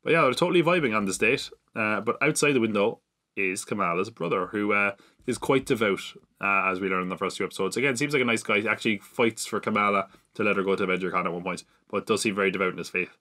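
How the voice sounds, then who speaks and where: A man's voice: fairly low pitch, quick pace, pushed and bright. A man hosting a podcast, chatting casually through an episode recap with lots of fillers and self-mocking asides. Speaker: podcast host.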